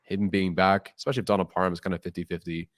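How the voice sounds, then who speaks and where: Male co-host: low-pitched, upbeat and assured, recorded close and dry. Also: flat delivery, rapid-fire, no room sound. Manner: upbeat, confident analysis. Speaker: podcast co-host. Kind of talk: casual sports podcast chat.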